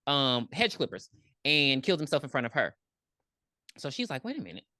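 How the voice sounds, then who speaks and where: Low-pitched woman podcaster, super expressive, dry close sound, retelling a movie. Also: moderate pace, no room sound. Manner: animated storytelling, acts out characters, frequent ums. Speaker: podcast co-host. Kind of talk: casual movie recap chat.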